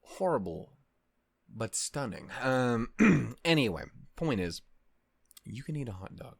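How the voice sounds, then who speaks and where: A man's voice: medium pitch, sing-song, unhurried, no room sound, clean studio sound. A man hosting an anime discussion, talking in a casual, rambling rant full of profanity and mock outrage. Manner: rambling with many fillers and restarts.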